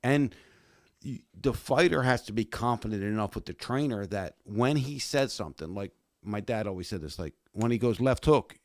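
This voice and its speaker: A man, a former fighter and podcast guest, telling animated stories and swearing freely. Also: lowish voice, normal speed, no echo, studio quality. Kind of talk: casual podcast chat.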